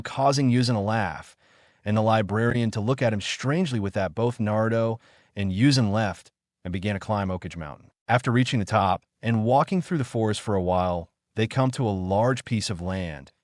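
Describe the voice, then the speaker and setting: A man reading a fan fiction story aloud as narrator in a steady storytelling manner. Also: fairly low pitch, no echo, clean studio sound.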